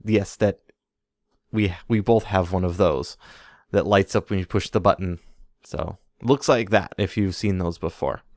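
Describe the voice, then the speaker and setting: A man with a lowish voice co-hosts a casual podcast, reading through a list of toy news. He throws in jokey puns as he goes, and his voice sounds dry and close to the mic. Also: unhurried, a little mellow, no room sound. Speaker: podcast co-host.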